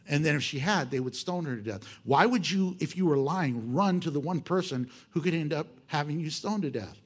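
Animated high-voiced male pastor preaching. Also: brisk. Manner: animated and joking, full of rhetorical questions. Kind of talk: sermon.

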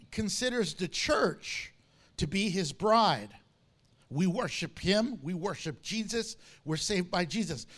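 Male pastor, high-pitched voice, animated sermon delivery with emphatic scripture readings. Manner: animated preaching, reads scripture aloud with emphasis.

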